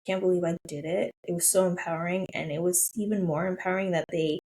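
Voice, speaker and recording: A woman in her thirties hosts a solo podcast, telling a personal story in an emotional, gushing, casual way with lots of "I was like." Her voice is fairly low and steady in tone, a little mellow, and she talks fast; the recording is rough.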